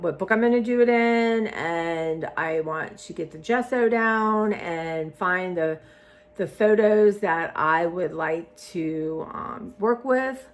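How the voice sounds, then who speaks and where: A woman chatting casually to her viewers, meandering with lots of ums and restarts. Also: medium pitch. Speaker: vlogger. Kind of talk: casual rambling chat to viewers.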